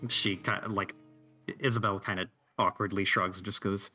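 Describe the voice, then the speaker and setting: A man's voice: low voice, fairly even intonation, moderate pace, sharp tone, muffled recording, faint music behind. A man narrating a tabletop game as game master, talking hesitantly with many fillers.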